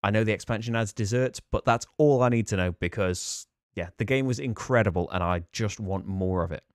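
A man's voice: on the low side, fairly quick, no echo, clean studio sound. A man hosting a board game channel, talking through a casual rambling preview with enthusiasm, fillers and small laughs.

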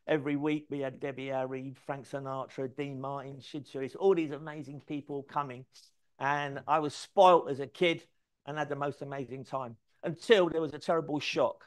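A man, telling career stories in a lively, swearing, anecdotal way. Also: medium pitch, moderate pace. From London, England. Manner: lively, swears freely, acts out dialogue. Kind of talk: anecdotal storytelling talk.

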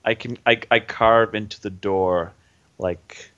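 Slow-talking man on a dull, lo-fi mic. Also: fairly low pitch, steady tone, fairly bright tone, clear, resonant tone. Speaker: player. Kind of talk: tabletop game table talk.

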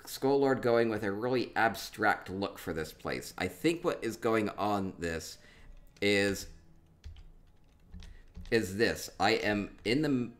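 Male streamer with a lowish voice, casual and playful, thinking out loud as he wanders through player-built rooms. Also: lively intonation, slow. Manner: playful, rambling, thinking aloud. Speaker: streamer touring player homes in a game. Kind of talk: casual live-stream commentary.

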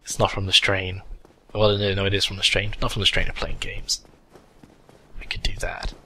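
Low, bright-toned sardonic gamer. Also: male voice, completely flat delivery, normal speed, slightly rough. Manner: sardonic, crude, swears a lot. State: voice cracking a bit. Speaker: let's play host. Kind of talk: gaming commentary.

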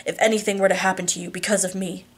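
A woman reading the lines of an intense, controlling young wealthy husband in a low, soft murmur, as part of an audiobook reading. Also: level tone, rapid-fire, husky, close to an everyday voice. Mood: earnest.

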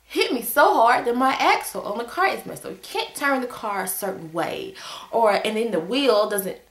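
Woman, storytime vlog, very lively pitch, exasperated retelling, echoey room. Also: normal speed. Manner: animated, exasperated retelling with sudden pitch jumps. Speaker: vlogger telling a story.

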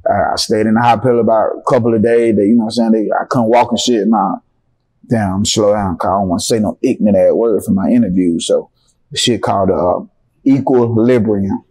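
Animated young man from Atlanta. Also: on the low side, fairly quick, husky. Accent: Atlanta Southern. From Atlanta, Georgia. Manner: animated, profane storytelling with acted-out dialogue. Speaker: interview guest. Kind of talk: casual storytelling interview.

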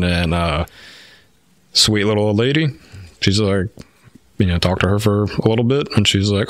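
A deep, low-pitched man talks frankly and at length, with plenty of fillers and the odd curse. The sound is dry and close, with no room around it. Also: normal speed, pauses often, no echo. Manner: rambling, frank, swears often, many fillers. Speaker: podcast guest, firefighter. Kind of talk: candid storytelling.

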